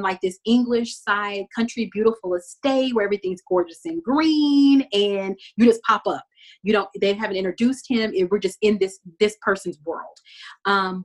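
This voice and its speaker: Woman, podcast host, chatty recap, laughs often, mid-pitched voice. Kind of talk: casual recap chat.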